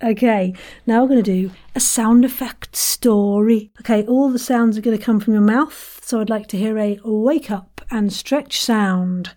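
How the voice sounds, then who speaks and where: A woman leads voice warm-ups at an unhurried pace, her mellow voice often dropping into a giggly whisper. She demonstrates each sound and tongue twister out loud for her listeners. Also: on the high side. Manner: demonstrates vocal exercises out loud. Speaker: podcast host leading voice warm-ups. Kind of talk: playful instructional warm-up coaching.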